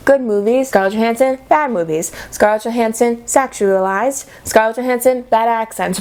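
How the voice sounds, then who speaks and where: A young woman in a casual vlog, ranting about a movie in a sarcastic, dramatic way, her pitch often jumping up for emphasis. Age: young adult. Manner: animated, with sudden jumps in pitch. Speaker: vlogger.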